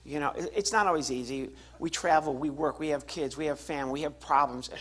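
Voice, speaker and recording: In a fairly high voice and a little fast, a male comedian on stage narrates a story and acts out the voices of the people in it. The live audience laughs along.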